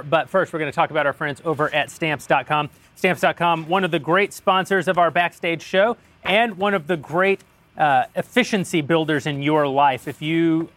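A man's voice: on the high side, a bit bright, no room sound. A man hosting a joking political roundtable, wry and self-mocking, laughing often as he reads a sponsor ad. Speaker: show host. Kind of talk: joking roundtable chat with ad read.

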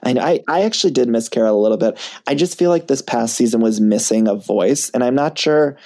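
A man chatting as a podcast guest, animated and self-mocking, laughing at himself often. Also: mid-range voice, brisk. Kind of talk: casual chat.

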